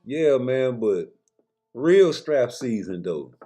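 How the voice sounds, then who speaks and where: A man's voice: mid-range voice, big pitch swings, takes it slowly, warm tone, soft background music. A man giving a blunt, slangy boxing commentary rant straight to his viewers, with profanity.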